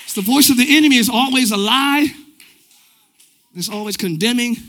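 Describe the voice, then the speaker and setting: High, bright-voiced male preacher. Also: normal speed. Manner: energetic, conversational preaching with slang. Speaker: pastor. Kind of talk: live church sermon. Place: church sanctuary.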